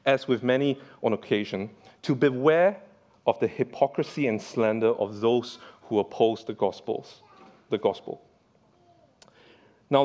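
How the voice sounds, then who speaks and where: In a church sermon, a man tells funny anecdotes in a playful storytelling style, acting out the voices of the people in them. His voice is medium in pitch with a darkish tone.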